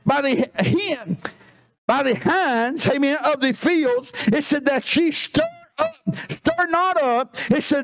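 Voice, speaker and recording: Male preacher, very high voice, fervent sermon that swells into shouts, scripture read slow. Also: sing-song. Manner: impassioned, drawls scripture slowly, breaks into shouts. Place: church sanctuary.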